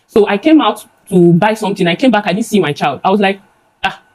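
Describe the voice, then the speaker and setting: A young woman with a Nigerian accent giving emotional testimony before a judge, rushing and halting with many restarts and repeated words. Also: medium pitch, animated, a little mellow, rough recording.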